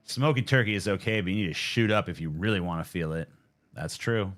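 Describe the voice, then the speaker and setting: A man's voice: deep voice, brisk, fairly bright tone, faint music behind. A man in his twenties chatting casually on a live stream, joking and swearing as he answers viewers. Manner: joking, profane, laid-back.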